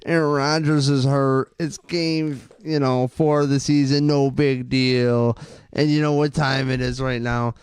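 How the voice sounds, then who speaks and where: Young male podcast co-host, smooth, slightly high voice, dry close sound, heated profane rants. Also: dry recording. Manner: excitable, profane ranting. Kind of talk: casual sports chat.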